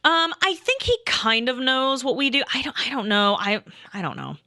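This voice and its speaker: A woman tells a story on her stream, wandering off into asides and swearing freely. Her voice sits a little high and sounds bright and forceful. The sound is dry and close, with no room echo. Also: sing-song, moderate pace. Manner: rambling, profane, with lots of asides. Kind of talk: casual storytelling.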